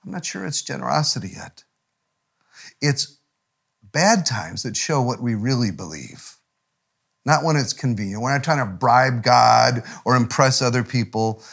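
A middle-aged man preaches as a pastor at a medium pitch. He tells a personal story with halting restarts. At tender points his voice drops low and hushed, close to a whisper. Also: expressive, gravelly, husky. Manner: storytelling with frequent restarts, softening to a near whisper at emotional moments. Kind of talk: sermon.

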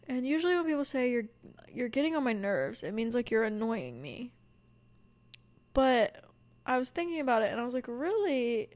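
A woman's voice: high voice, a little mellow. A young woman with a Southern US accent, hosting a podcast and chatting casually, rambling with lots of "like" and "um". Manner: rambling, filler-heavy, self-deprecating. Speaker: podcast host. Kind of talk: casual solo podcast chat.

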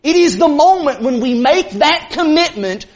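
A man's voice: very high-pitched, lively intonation. Earnest male preacher, slightly dull recording. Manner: earnest, emphatic, with sudden bursts of speed and slow stressed phrases. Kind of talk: sermon.

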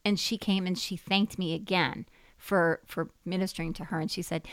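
A middle-aged woman minister telling a lively faith story on a Christian talk show, acting out the dialogue. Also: medium pitch, fairly quick, no echo. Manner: animated storyteller, acts out quoted dialogue. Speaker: guest minister.

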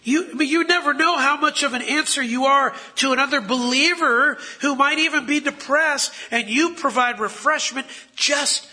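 A man's voice: extremely high pitch, moderate pace, hardly any pauses, pushed and bright. A man preaching a sermon in a conversational way, asking the listeners rhetorical questions.

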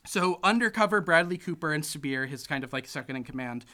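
A man's voice: fairly high pitch, expressive, quick pace, sharp tone. A young man casually recapping a film plot, rambling with lots of "like" and "you know" and acting out the characters' lines. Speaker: podcast co-host recapping a film. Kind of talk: casual chat.

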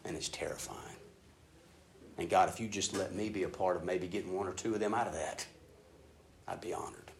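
A man preaching a sermon in a casual, animated way, acting out prayers in an excited voice. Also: low voice, a little fast, long pauses. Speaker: pastor. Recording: echoey room with faint ambient noise.

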